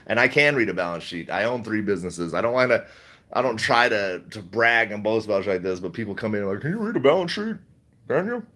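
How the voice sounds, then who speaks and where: A man's voice: lowish voice, fast, bright, forceful tone. A middle-aged man chatting casually on a livestream, reading chat, rambling and laughing often.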